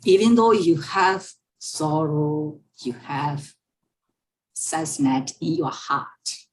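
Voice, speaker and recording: Brief: female teacher, online class, patient storytelling, repeats every line, very slow pace. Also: low-pitched, expressive, darkish tone, slight background noise. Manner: slow, repeats each sentence and explains words. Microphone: online class microphone.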